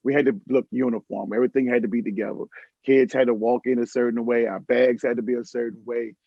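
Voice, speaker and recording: A man hosting a podcast, asking relaxed, rambling questions in casual chat. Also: mid-range voice, quick pace, no echo. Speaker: podcast host. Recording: muffled lo-fi audio.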